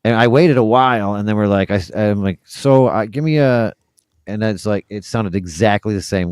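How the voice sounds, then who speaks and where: A man's voice: on the low side, normal speed, a little mellow, clean tone, no room sound, clean studio sound. A man co-hosting a casual chat, cracking wry, teasing quips. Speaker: podcast co-host.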